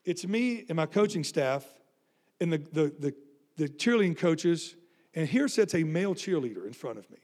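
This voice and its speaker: A middle-aged man, a pastor telling a lively story in a sermon and acting out the dialogue. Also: on the high side, normal speed. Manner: animated, self-mocking storytelling with quoted dialogue.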